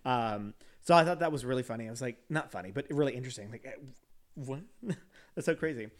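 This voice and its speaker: A man's voice: mid-range voice, lively intonation, brisk. A man on a podcast reading an article aloud with casual asides, often stumbling over words and laughing at himself. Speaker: podcast host.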